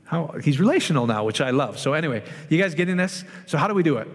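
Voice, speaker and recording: A man preaching in a relaxed, conversational way, often turning questions to his listeners. His voice climbs noticeably higher when he gets worked up, and a long reverb trails each phrase in the hall. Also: fast talker. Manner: conversational, asks the audience questions, rises in pitch when excited. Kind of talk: informal sermon to a small group.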